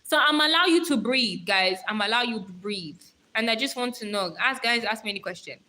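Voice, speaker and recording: A woman's voice: mid-range voice, brisk, sharp tone, poor audio. A young woman hosting a casual livestream on her phone, reading out viewer comments and talking straight to them in a chatty, giggly way. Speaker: livestream host.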